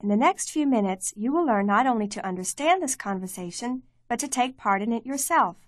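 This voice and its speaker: A woman giving clear, measured scripted narration for a language course. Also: fairly high pitch, lively intonation, dry recording, clean studio sound. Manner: clear, measured teaching delivery.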